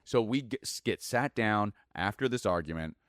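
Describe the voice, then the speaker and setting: A man's voice: fairly low pitch, animated, normal speed, a bit bright, no room sound, studio quality. A man, co-hosting a podcast and telling a long, rambling story with stumbles and restarts. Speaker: podcast co-host. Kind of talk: casual chat. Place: studio. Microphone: mic on an arm.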